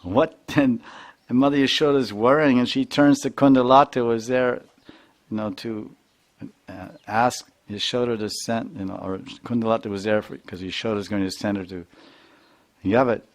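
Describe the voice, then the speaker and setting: A man, a spiritual teacher, narrating a devotional story in an animated lecture. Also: medium pitch, normal speed.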